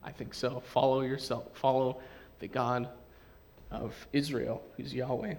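A man preaching a sermon to a congregation, in a lively, conversational way, acting out the quotes he reads. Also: mid-range voice, unhurried, creaky. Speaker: pastor.

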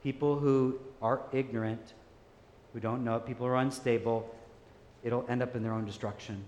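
A man preaching a sermon, earnest and animated, telling stories and urging listeners to keep growing. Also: medium pitch, normal speed, dull audio, a little hiss or hum. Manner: earnest, animated storytelling, laughs easily. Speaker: pastor. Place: church sanctuary. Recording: echoey hall with faint ambience.

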